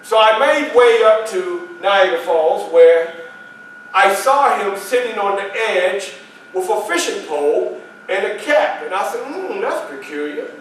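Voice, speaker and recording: Frederick Douglass, as a male reenactor plays him on stage, recalls his life in a fairly high voice. He speaks slowly and holds dramatic pauses. The sound comes from far off in an echoey room with faint ambience behind. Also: animated, a little hiss or hum. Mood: earnest. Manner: storytelling, dramatic pauses, emphatic. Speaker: historical reenactor. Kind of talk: first-person stage monologue. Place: library meeting room, live audience. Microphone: far camera.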